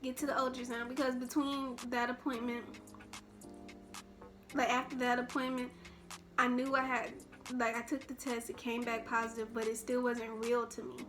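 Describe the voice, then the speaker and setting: A woman's voice: fairly high pitch, flat delivery, moderate pace, music in the background. A young woman telling a personal story in a casual storytime vlog, rambling and full of restarts. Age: young adult. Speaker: vlogger.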